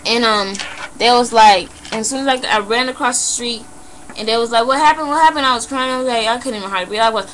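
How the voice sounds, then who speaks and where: A young woman vlogger telling a personal story in a blunt, animated way, swearing freely and saying "you know" a lot. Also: fairly high pitch, a little fast, a little hiss or hum, rough recording. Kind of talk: casual emotional storytelling.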